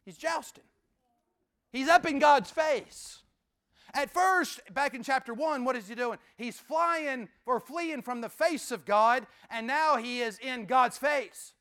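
Man, sermon, high-pitched, folksy, emphatic. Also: takes it slowly, clean tone. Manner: emphatic, swings from loud outbursts to hushed near-whispers; folksy, conversational preaching. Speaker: pastor.

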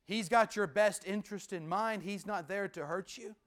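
A man preaching a sermon as pastor, with rhythmic repetition and sudden drops from loud to hushed. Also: sits high, normal speed.

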